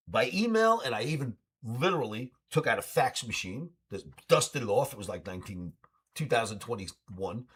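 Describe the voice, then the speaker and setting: A man hosting a live question-and-answer stream, telling stories in an animated way and freely swearing. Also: medium pitch, breathy edge. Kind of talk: live Q&A storytelling.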